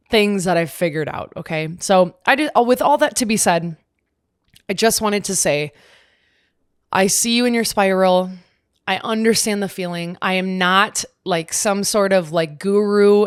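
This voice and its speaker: A woman's voice: fairly low pitch, clear, resonant tone, no room sound, studio quality. A woman hosting a podcast, talking in a candid, chatty way, swearing now and then and laughing at herself. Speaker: podcast host. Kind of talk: casual chat.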